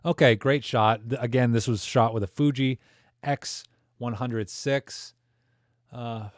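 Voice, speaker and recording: A man's medium-pitched, slightly mellow voice comes through in studio quality with no echo. He's a livestream host critiquing viewer photos, joking and rambling as he thinks aloud with frequent fillers.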